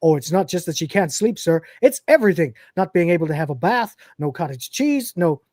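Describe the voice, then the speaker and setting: A woman's voice: fairly low pitch, big pitch swings, brisk, a little mellow, no echo, clean studio sound. A woman voicing a fussy, deferential male service robot who frets. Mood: fretful. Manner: anxious, deferential.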